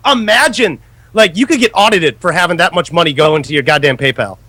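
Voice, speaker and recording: A man co-hosting an online show, talking in a loud, animated, swear-heavy casual chat. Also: fairly high pitch, fast talker. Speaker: podcast co-host.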